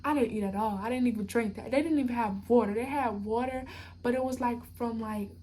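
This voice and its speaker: A young woman vlogger telling a storytime in casual chat, animated and talking straight to her viewers. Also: on the high side, brisk, a little hiss or hum.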